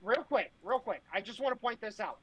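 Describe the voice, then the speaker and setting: A woman's voice: fairly high pitch, lively intonation, a little fast, a bit bright, slightly rough, low-quality recording. Profane, ranting woman. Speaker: podcast co-host. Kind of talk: heated political podcast rant.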